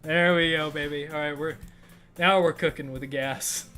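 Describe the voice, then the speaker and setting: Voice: mid-range voice, fairly even intonation, normal speed, bright, forceful tone. Comedic fanfiction reader, swears and laughs a lot, faint music underneath. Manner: laughs often, swears, reads with mock drama. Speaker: podcast co-host reading fanfiction. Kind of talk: casual comedic reading aloud.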